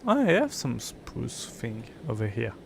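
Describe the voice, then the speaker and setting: Young man streaming, unhurried, grumbling and cursing, faint hum behind. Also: medium pitch, huge pitch swings, creaky. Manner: frustrated, swearing, muttering to himself. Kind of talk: live gameplay stream chat.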